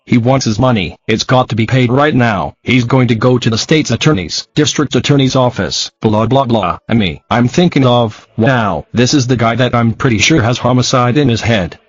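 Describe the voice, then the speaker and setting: A man reading a true-crime podcast transcript aloud, speaker names and spelled-out letters included, in a flat, even delivery. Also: medium pitch, moderate pace, few pauses, slightly rough, dry recording, highs cut off.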